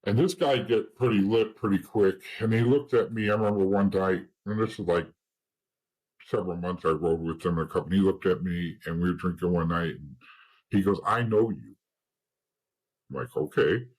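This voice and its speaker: Middle-aged guy with a husky kinda low voice, swearing a lot, acting out who said what. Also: a little fast, darkish tone, rough recording. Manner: blunt, profane, acts out past conversations. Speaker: interview guest, former informant. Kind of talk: casual storytelling in an interview.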